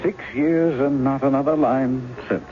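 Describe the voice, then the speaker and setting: A man's voice: mid-range voice, fairly even intonation, measured pace, natural voice. A man playing a wry, charming novelist in disguise. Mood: confessional. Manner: teasing, easygoing, wry. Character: charming, self-mocking male novelist in disguise. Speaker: impostor posing as a woman's husband. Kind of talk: 1970s radio drama acting. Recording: dull lo-fi old radio broadcast with music.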